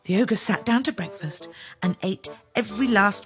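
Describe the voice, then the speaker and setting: Expressive woman telling a fairy tale. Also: mid-range voice, soft background music. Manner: expressive, drawn-out storytelling. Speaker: storyteller. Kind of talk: scripted fairy-tale narration.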